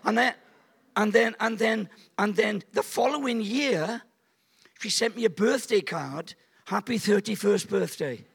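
A man in his seventies preaching at a church service, telling a family story in an animated, joking way. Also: high-pitched, a little slow, creaky, husky. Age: 70s. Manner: animated, jokey, acts out voices. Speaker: guest pastor. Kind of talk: storytelling sermon.

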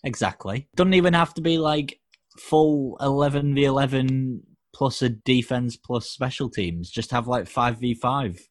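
A man's voice: medium pitch, a little slow, no room sound, studio quality. A man co-hosting a podcast, chatting in a laid-back, joking way. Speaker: podcast co-host. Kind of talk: casual chat.

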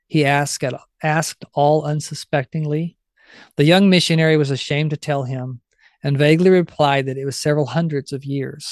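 A man's voice: on the high side, steady tone, moderate pace, no echo, studio quality. A man telling a missionary story in an earnest, heartfelt way, acting out quoted lines. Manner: earnest, heartfelt, retells stories with voiced quotes. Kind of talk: conversational storytelling.

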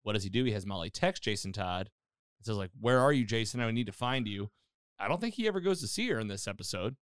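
Speaking fast in a smooth, lowish voice, a man hosts a casual podcast where he recaps a TV episode with animated storytelling, many fillers, and quotes he acts out. The sound is studio quality with no echo.

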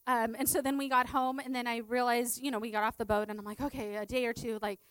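A woman's voice: a little high, level tone, quick pace, fairly bright tone, clean tone, low-quality recording. A middle-aged woman, a teacher, sharing a personal testimony in a chatty way full of fillers. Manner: chatty, filler-heavy storytelling.

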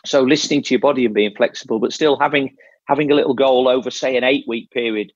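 A man's voice: medium pitch, fairly even intonation, quick pace, husky, no echo, highs cut off. A man coaching an athlete in casual talk, explaining step by step and often restarting his phrases. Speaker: triathlon coach.

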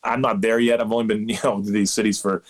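A man in his thirties from Canada, a guest umpire chatting casually and telling rambling, animated stories. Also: lowish voice, fast talker. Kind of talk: casual interview chat.

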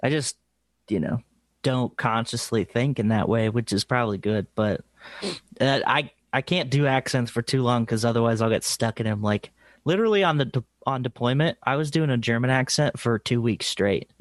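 The voice is a young man's, at a middling pitch and recorded close and dry with no room around it. He co-hosts a casual podcast, talks fast, swears freely and laughs through his stories. The delivery is loose and conversational. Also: no echo. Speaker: podcast co-host.

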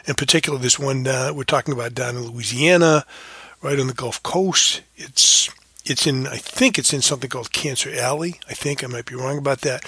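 A man's voice: medium pitch, gravelly, bright, forceful tone, breathy edge, dry recording. A man hosting a casual commentary, rambling and correcting himself often with fillers. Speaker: podcast host.

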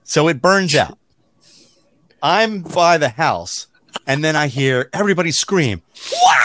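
Animated middle-aged man telling a story. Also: on the high side, a little slow, dry recording. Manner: animated storyteller, acts out quotes. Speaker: podcast co-host. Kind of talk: casual chat.

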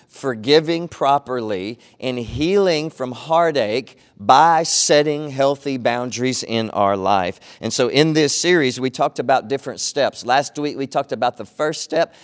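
A middle-aged pastor delivers his sermon like a story told among friends. His voice sits at an ordinary pitch, and his tone stays earnest and conversational.

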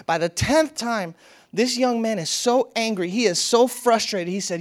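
Spiritual teacher, mid-pitched voice, unhurried storytelling sermon with emphatic repetition. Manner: storytelling, reflective, repeats phrases for emphasis. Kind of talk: spiritual teaching talk with a parable.

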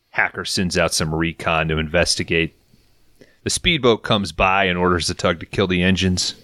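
A man's voice: low voice, lively intonation, moderate pace, sharp tone, dry recording, clean studio sound. A man hosting a podcast, casually recapping a TV episode and swearing freely while acting out lines. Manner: profane, joking, acts out quotes. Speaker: podcast host.

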